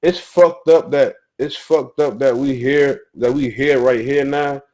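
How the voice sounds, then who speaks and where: A young panelist on a talk show delivers heated, profane commentary in a casual chat, full of repetition, rhetorical questions and "you feel me." His medium-pitched voice is steady and warm, a little slow, and the audio quality is poor.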